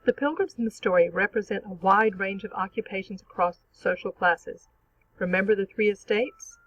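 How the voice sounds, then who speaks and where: Measured teacher narrating a literature lesson. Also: medium pitch, fairly bright tone, poor audio. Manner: clear, measured explanatory reading.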